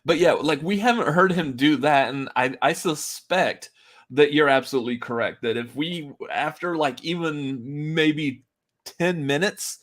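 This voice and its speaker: A man's voice: fairly high pitch, measured pace, a bit bright. Hesitant chatty male podcast host. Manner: hesitant, many fillers and restarts, laughs often. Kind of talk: casual chat.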